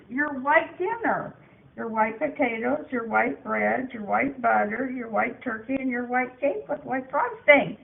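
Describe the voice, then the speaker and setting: An older grandmother with a doting, fussing way of talking. Her voice sits a little high and has a gravelly edge. It comes through thin and tinny, like a phone line. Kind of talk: birthday video message.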